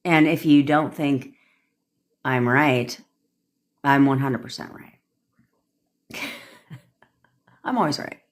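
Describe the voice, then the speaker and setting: A young woman with a bass voice coaches manifestation on a phone livestream, speaking very slowly and pausing often. Her casual rant is blunt, profane, and cocky, and she laughs at herself.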